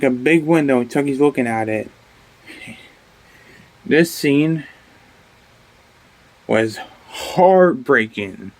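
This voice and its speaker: Rambling, swearing man reviewing a show. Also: medium pitch. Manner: rambling, profane, with many restarts. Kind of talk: casual vlog review.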